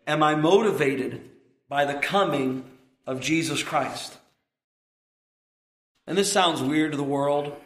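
Male pastor, sermon, impassioned, rises to shouts, echoey hall. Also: fairly high pitch, slow, pauses often. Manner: impassioned, building to shouts at peaks.

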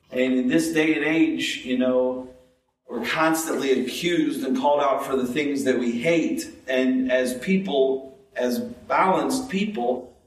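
A man preaching a sermon as pastor, slow and emphatic, repeating phrases for stress. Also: medium pitch. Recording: echoey room, distant mic.

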